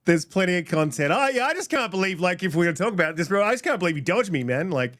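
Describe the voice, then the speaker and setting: Aussie guy hosting a podcast, lotsa ums, jokey ribbing, voice sits a bit high. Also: sing-song, fast, a bit bright. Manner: rambling, lots of ums, joking banter. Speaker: podcast host. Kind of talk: casual podcast chat. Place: home room.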